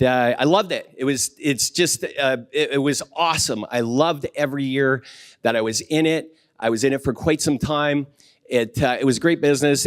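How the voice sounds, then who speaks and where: A man's voice: medium pitch, clear, resonant tone, dry recording. A man in his fifties speaks from a conference stage in a dry, close sound, earnest and a little self-deprecating. He trips over fillers and restarts, and now and then sounds near to tearing up. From Canada. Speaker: keynote speaker. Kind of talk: conference keynote talk.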